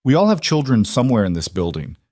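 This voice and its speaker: A man voicing a weary, frightened woman with an Eastern European accent who talks in flat, clipped, broken phrases. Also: mid-range voice, quick pace, dry recording, studio quality, pitched above the performer's own voice. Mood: flat, desperate.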